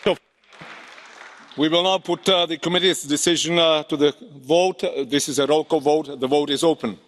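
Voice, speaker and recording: A man chairing a parliament session, calling votes in a halting, procedural manner with many fillers. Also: on the high side, fairly even intonation, a bit bright. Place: large parliament chamber. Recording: long hall reverb, faint crowd.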